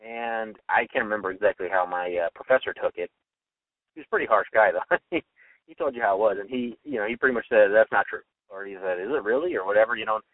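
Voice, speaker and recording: A man's voice: fairly low pitch, fast talker, no echo, distant mic. A young man giving an opinionated solo monologue as a radio host, arguing his point and acting out quoted voices. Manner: argumentative, acts out quoted voices. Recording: tinny phone-line sound from off-mic.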